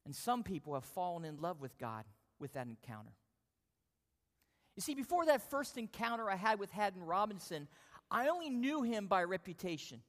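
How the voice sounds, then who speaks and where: Male pastor, high voice, animated story-driven sermon in a reverberant sanctuary. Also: normal speed. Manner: storytelling, animated, self-deprecating. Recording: long hall reverb.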